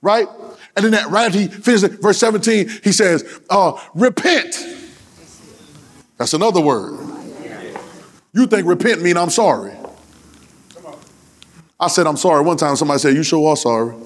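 A man preaching a sermon, joking and trading call-and-response lines with the congregation, at times shouting or half-singing his phrases. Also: sits high, animated, normal speed, pauses often, slight background noise. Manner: breaks into shouts and sung phrases.

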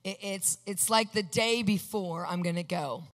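A woman sharing a personal faith testimony, storytelling in an animated way and acting out the voices she quotes. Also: mid-range voice, measured pace. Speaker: Christian speaker sharing a testimony.

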